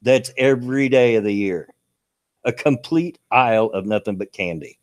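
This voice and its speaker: A man's voice: medium pitch, moderate pace, darkish tone. A man hosting a casual chat show, folksy and chatty, repeating his words. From American South. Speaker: host.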